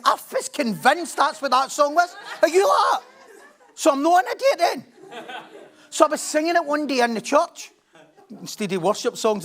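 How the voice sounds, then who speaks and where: High-voiced pastor, chatty and joking. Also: male voice, moderate pace. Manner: chatty, humorous, asks the congregation questions; animated storytelling, laughs at himself. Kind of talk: conversational sermon with Bible reading.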